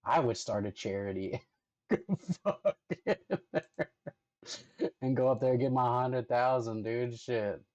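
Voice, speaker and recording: A man's voice: medium pitch, fairly even intonation, normal speed, hardly any pauses, a little mellow, no echo, highs cut off. A man streaming and reacting to videos, talking loosely with lots of 'like' and 'dude'. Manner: loose slangy talk with constant 'like' and 'dude'; chatty, talks playfully to his dog. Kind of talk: casual reaction stream chat.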